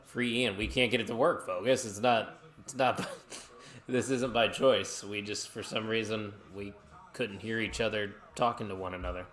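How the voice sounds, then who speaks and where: A man's voice: fairly low pitch, steady tone, moderate pace, a bit bright. A man co-hosting a live watch-along stream, chatting casually and reacting to the action while reading viewer comments.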